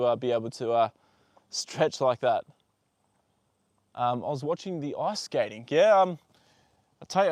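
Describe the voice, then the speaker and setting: A man's voice: medium pitch, dry recording. Easygoing man rambling on a live stream. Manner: rambling and easygoing, with many fillers. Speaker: livestream host. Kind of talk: casual live-stream chat reading viewer comments. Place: outdoors with a horse. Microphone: phone on a tripod.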